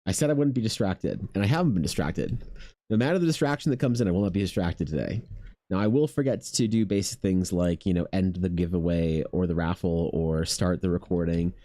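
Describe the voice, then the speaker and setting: A man's voice: low-pitched, a little fast, dark tone. A man who streams art and chats casually, rambling with lots of "like" and swearing. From Canada. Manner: rambling, heavy "like" filler, profane.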